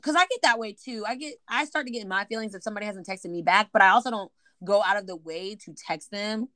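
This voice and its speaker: A woman tells a story on a casual podcast, animated and swearing freely. She acts out the people in her tales in a mid-range voice. The sound is close and dry, with no room echo. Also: medium pitch, fast talker. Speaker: podcast co-host.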